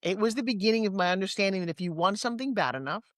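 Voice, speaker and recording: A woman's voice: mid-range voice, dry recording, clean studio sound. Candid New York woman in her sixties. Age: 60s. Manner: lively, candid, talks fast with quick asides. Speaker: interview guest. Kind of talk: personal storytelling in conversation.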